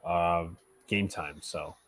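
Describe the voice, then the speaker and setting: A man hosting a casual sports livestream, cracking jokes at his friends between play-by-play calls. His voice sits a little low. He sounds relaxed and jokey. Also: slow pace. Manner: joking, relaxed. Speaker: host and play-by-play caller.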